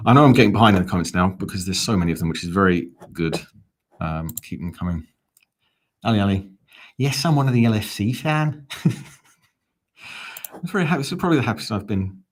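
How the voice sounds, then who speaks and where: Football fan host, male, deep voice, chatty live-stream commentary, reads the chat with wry asides. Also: husky.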